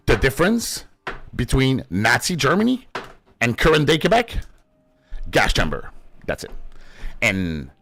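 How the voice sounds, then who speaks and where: A man's voice: mid-range voice, a bit bright, dry recording. A young adult man, a gaming streamer, in a passionate, profane, casual rant. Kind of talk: casual ranting commentary.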